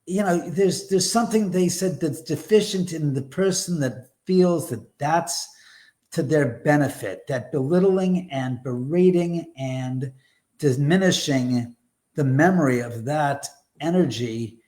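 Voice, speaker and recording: A man with a fairly high, dark-toned voice speaks at a measured pace as a guest on a live show, where he's introduced as a haunted house owner. His storytelling is animated and conversational, rambling and emphatic, with blunt remarks and mild profanity.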